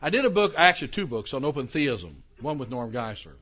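A man's voice: medium pitch, sing-song, fairly quick, a bit bright, husky. An older man giving a theology lecture to a live audience, conversational, with questions to the room and self-deprecating asides. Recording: dull lo-fi recording.

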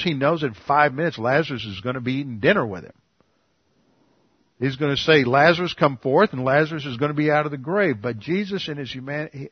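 Earnest male pastor, slightly husky. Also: a little high, dry recording. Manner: earnest teaching, slows to stress key words. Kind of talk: expository sermon. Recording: dull, lo-fi dry recording.

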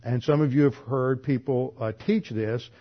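A man's voice: mid-range voice, moderate pace. A man preaching an expository sermon, explaining Bible passages, stressing key words and sometimes stumbling over repeated words. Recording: slightly dull, muffled sound.

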